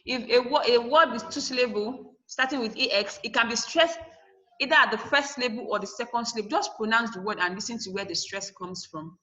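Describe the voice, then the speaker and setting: A woman's voice: a little high, a little fast, a bit bright, poor audio. A woman teacher giving a classroom lesson, asking and answering her own questions and spelling words out letter by letter.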